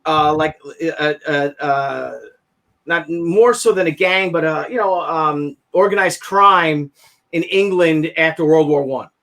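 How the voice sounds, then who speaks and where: A man hosting a loose conversational podcast, his voice a little higher than most men's. He wanders through his thoughts, stopping and restarting with plenty of ums. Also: slow pace, fairly bright tone. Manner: rambling, many ums and restarts. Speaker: podcast host and comic artist. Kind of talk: casual chat.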